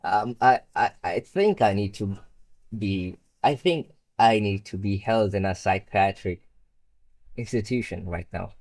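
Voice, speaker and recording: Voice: deep voice, unhurried, darkish tone. A young adult streamer muttering casual, profane, sarcastic commentary while fighting with a computer setup.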